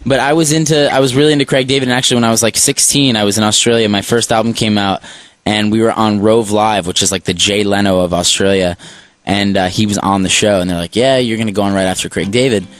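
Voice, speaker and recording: A man's voice: fairly low pitch, fairly even intonation, fast, dry recording. A man in his twenties, a singer guest telling a rambling story in a radio studio, full of likes and restarts. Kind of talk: casual radio interview chat.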